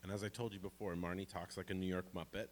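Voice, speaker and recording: A man with a deep voice recounts a personal story at a live storytelling showcase. He is animated and playful, dropping humorous asides. A faint noise sits under the recording. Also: quick pace. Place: library event stage.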